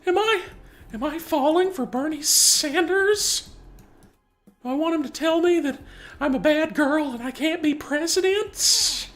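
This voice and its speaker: A man putting on a high, flustered voice as an older woman politician talking herself through a crush, a comedic impression. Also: animated, a little slow, fairly bright tone, faint music behind, heavily acted. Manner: breathless, flustered self-talk.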